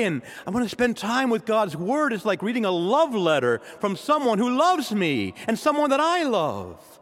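A male priest delivers a sermon with a lively, swooping delivery, his voice sitting a touch higher than most men's. He talks straight to the congregation, and the sound carries a long reverb from the church. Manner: animated preaching, addresses the congregation directly.

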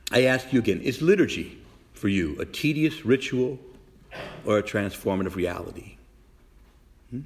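Animated middle-aged priest preaching. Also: male voice, fairly low pitch, slight background noise. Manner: animated preaching, repeats phrases for emphasis. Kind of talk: sermon.

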